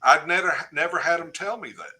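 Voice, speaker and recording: An older man guesting on a podcast tells a casual personal anecdote in a lively way, acting out the quoted dialogue. His pitch is fairly high and he speaks a little fast.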